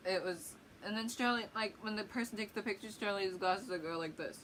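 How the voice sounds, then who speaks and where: A woman's voice: mid-range voice, very animated, a little fast, noisy background. A young woman, likely in her teens, casually telling a vlog story with lots of fillers and giggles. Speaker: vlogger.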